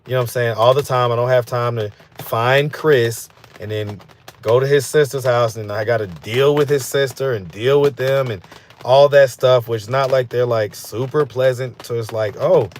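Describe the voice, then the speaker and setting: Reading viewer comments on his live stream, a street interview channel's host rambles casually, peppering his talk with "you know what I'm saying." He speaks at medium pitch and moderate pace with fairly even intonation, over a slight hiss or hum.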